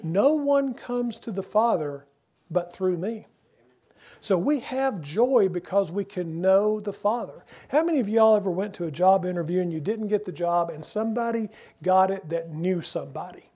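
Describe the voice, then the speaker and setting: A man preaching a sermon as pastor, earnest and emphatic, asking rhetorical questions and slowing down to stress key phrases. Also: high-pitched, animated, mellow, slightly rough, muffled recording.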